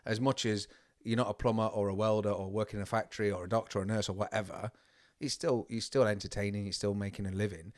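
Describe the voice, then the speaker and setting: Guy on a podcast, rambly and animated, keeps restarting, dry close mic. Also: on the low side, fast, few pauses, no room sound. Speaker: podcast guest. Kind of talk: casual chat. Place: indoors on a converted bus.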